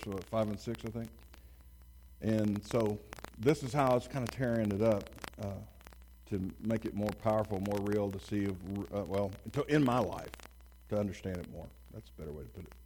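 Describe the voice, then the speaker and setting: A man's voice: medium pitch, dark tone, slight background noise, low-quality recording. A man preaching an informal sermon to a small church, folksy and rambling, with many restarts, asking the congregation questions. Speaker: pastor.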